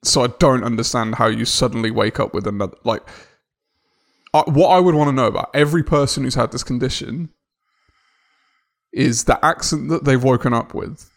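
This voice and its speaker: A gravelly-voiced man talks through his thoughts in a loose, rambling podcast chat. He restarts his sentences often as he works out an idea. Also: medium pitch, normal speed. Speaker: podcast co-host. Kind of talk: casual chat.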